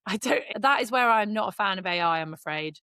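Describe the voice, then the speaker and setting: A woman's voice: mid-range voice, animated, brisk, sharp tone, smooth, no room sound, studio quality. A woman co-hosting a podcast in casual chat, blunt and ranting, swearing freely. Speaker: podcast co-host.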